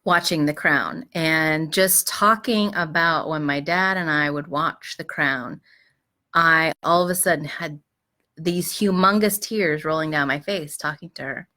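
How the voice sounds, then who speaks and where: Middle-aged woman host, low-pitched yet bright and forceful tone, gentle advice talk with fillers. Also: a little slow. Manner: gentle, reflective, frequent fillers and restarts. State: clearing her throat. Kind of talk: live-streamed advice talk.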